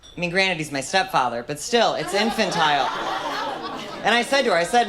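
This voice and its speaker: A woman's voice: on the low side, sing-song, fairly quick, a crowd in the background. A woman comedian performing a live stand-up set with a dry, self-mocking delivery. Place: comedy club stage with audience. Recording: live set with audience laughter.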